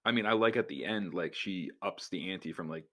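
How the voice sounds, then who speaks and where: A man's voice: low-pitched, moderate pace, a bit bright. A man co-hosting a podcast, musing about a film in a rambling, hedging way. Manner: rambling, hedging, trails off often. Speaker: podcast co-host. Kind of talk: casual chat about a film.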